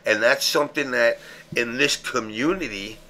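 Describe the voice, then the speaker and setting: A man's voice: medium pitch, moderate pace. A man hosting a casual stream show, talking bluntly with a lot of swearing. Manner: blunt, profane, animated. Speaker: show host.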